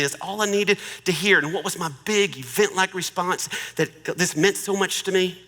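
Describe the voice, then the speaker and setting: Middle-aged guy cracking jokes in a marriage talk, bright voice, long hall echo. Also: high voice, fairly quick, creaky, few pauses. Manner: joking, conversational, warmly persuasive. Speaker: marriage speaker.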